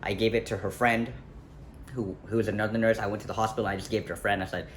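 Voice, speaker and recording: Low-voiced man rambling through a story. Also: flat delivery, very fast. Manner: rambling, self-correcting, many fillers and "like". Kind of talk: casual storytime vlog. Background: faint street ambience, passing traffic.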